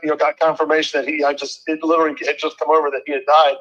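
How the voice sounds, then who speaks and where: A man in his fifties, a retired police officer, talking earnestly on a video call, halting and restarting his sentences often. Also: a little high, level tone, a bit bright, muffled recording. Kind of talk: casual talk show conversation.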